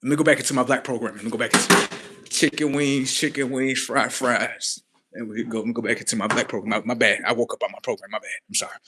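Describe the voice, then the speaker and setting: A man's voice: mid-range voice, steady tone, fast talker, pushed and bright, a little hiss or hum. A man streaming live, doing a profane, rambling comedic rant and arguing with himself.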